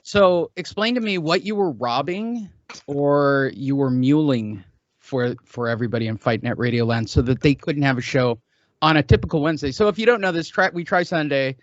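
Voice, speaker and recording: A man's voice: on the high side, moderate pace, no echo. Joking middle-aged male podcast host. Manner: rambling, joking, laughs often. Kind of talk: casual chat. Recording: dull lo-fi dry recording.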